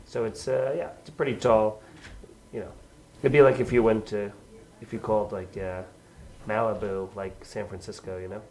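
A man from Long Island, New York, chatting as a guest in a basement, rambling in a relaxed way with many fillers. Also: on the low side, normal speed, rough recording. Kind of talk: casual chat. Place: basement room.

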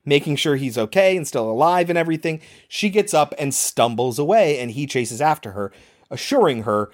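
This podcast host tells the story with lively energy, piling on details and dropping the odd curse word. It's relaxed banter between friends, delivered in an animated, chatty way. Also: medium pitch, a little fast. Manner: animated storyteller, swears casually. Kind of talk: casual movie recap chat.

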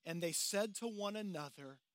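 A man preaches a sermon outdoors by the water, speaking in a conversational, storytelling way. His voice sits high for a man, and the sound is dry and close to the mic. He slips into acting out the voices of the people in the story. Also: moderate pace, fairly bright tone, dry recording. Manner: conversational, dramatizing voices of the disciples. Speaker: pastor.

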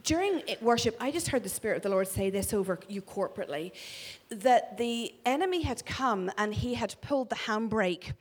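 Woman, 40s, Northern Irish, prophetic minister; playful and energetic at the mic. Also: fairly high pitch, brisk, husky. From Northern Ireland. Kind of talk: lively church talk to a congregation. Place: church hall. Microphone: handheld mic.

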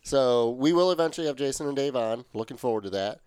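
A man's voice: medium pitch, animated, fast, a little mellow, clean tone, no echo. A man hosting a casual sports podcast, trading easygoing, joking banter with his brother. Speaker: podcast host.

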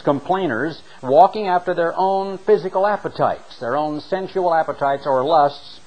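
A man preaching a sermon, reading scripture and explaining it with an emphatic, dramatic delivery that slows down for the readings. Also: rough recording. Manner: emphatic, dramatic delivery with sharp swings in pitch and loudness; slows down to read scripture aloud.

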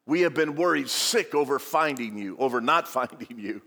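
A man's voice: mid-range voice, animated, moderate pace, bright, forceful tone. A man voicing an exasperated, guilt-tripping middle-aged mother scolding her son, with the long reverb of a church hall.

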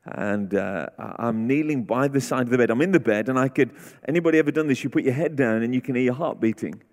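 A man's voice: medium pitch, fast talker, darkish tone. Fervent man preaching in a reverberant hall. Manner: repeats short declarations, building in intensity. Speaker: guest preacher. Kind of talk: sermon. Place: large church sanctuary. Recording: long reverb of a large hall.

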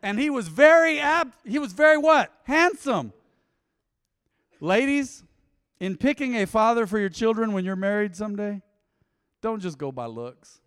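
Middle-aged male pastor, high voice, lively conversational sermon delivery, long church reverb. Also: moderate pace, clean tone. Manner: animated, conversational preaching with asides to the congregation. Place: large church auditorium.

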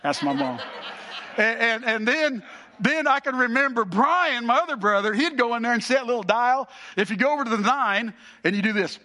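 A middle-aged man preaching with a bright, fairly high voice. He tells homely stories with many restarts and repeated words. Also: lively intonation, normal speed. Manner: folksy storytelling, repeats words. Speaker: pastor. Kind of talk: sermon.

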